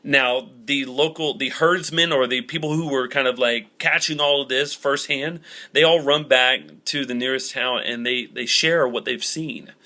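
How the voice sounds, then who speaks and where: Bright-voiced man teaching the Bible. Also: mid-range voice, steady tone, normal speed. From Southern United States. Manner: conversational, upbeat storytelling. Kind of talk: casual Bible lesson.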